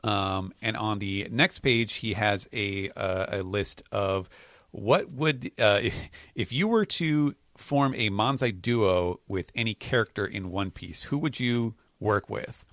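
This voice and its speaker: A man's voice: on the low side, takes it slowly, fairly bright tone, no room sound. A man hosting a casual podcast chat, explaining things hesitantly with many fillers and restarts. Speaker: podcast host. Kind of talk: casual chat recapping comics.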